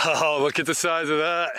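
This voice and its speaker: A man's voice: fairly high pitch, steady tone, moderate pace, pushed and bright. A man hosting a hunting video, filming on a mountainside and joking around with his companion. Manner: teasing, laughs easily. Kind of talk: casual joking banter. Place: outdoors on a mountainside.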